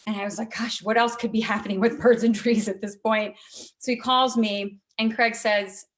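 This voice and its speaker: A woman's voice: a little high, fairly even intonation, normal speed. Woman telling a heartfelt true story. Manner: conversational, candid, heartfelt. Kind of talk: live personal storytelling.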